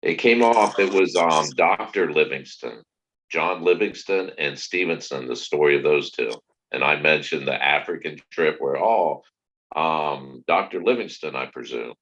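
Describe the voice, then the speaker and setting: A man co-hosting a casual chat, speaking calmly and with some hesitation. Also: a bass voice, a little slow, lo-fi sound.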